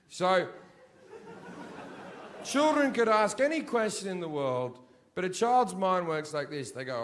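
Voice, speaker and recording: A man doing crude, profane stand-up comedy on stage, ranting and often rising into shouts. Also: a little high, very animated, slow pace, pauses often, background noise. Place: theater stage before a live audience.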